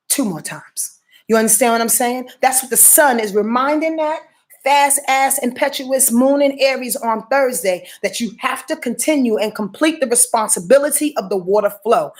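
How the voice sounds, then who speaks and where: A woman hosts a live astrology stream in a fairly high voice. She sounds like she is preaching, slangy and emphatic, cursing as she goes. She often repeats and restarts her words and fills pauses with "um" and "uh". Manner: preachy, emphatic, swears freely, slangy with "y'all". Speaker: astrology show host. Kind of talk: live-stream astrology talk, reading viewer messages.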